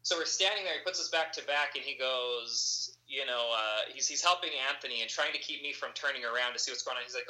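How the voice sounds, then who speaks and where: A man telling a story as an interview guest in a rambling, halting way, with many restarts. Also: mid-range voice, pushed and bright, rough recording. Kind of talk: animated storytelling.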